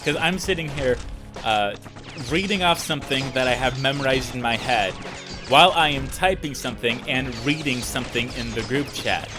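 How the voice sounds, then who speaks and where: A young man playing a game and chatting in a rambling, animated way, full of fillers. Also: mid-range voice, moderate pace. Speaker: let's player. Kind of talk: casual chat over gameplay. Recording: voice over game music. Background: game music.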